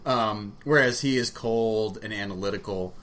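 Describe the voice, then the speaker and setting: A man in casual, frank conversation about a book, rambling with fillers and quick laughs. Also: fairly low pitch, a bit bright. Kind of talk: casual chat about books. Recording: faint background noise.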